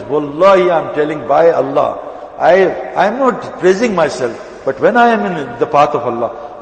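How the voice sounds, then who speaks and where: A man preaching a sermon in a mosque, telling stories with emphatic, repetitive phrasing. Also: fairly high pitch. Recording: echoey mosque hall.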